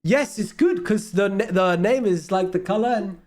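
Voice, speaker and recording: Man doing a beaming Dutch local with a mock accent, sing-song and eager, pitched up. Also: moderate pace, a little mellow, lightly acted. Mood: delighted. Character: cheery Dutch man delighted by the color orange.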